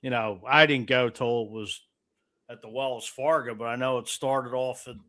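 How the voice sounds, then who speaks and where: A male talk host with an ordinary mid-range voice. He keeps things easy and low-key, nudging his guest along with short replies and quick questions. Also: steady tone. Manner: quiet backchanneling, brief questions. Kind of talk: casual interview.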